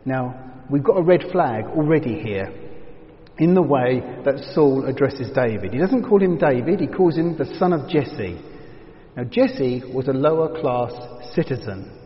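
A man teaching verse by verse through a Bible passage, reflective and explanatory, often dropping to a hushed tone for emphasis. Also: medium pitch, animated, measured pace. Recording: dull reverberant hall sound.

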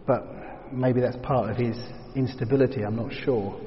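A man teaching verse by verse through a Bible passage, reflective and explanatory, often dropping to a hushed tone for emphasis. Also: mid-range voice, steady tone, normal speed, a little hiss or hum. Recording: dull reverberant hall sound.

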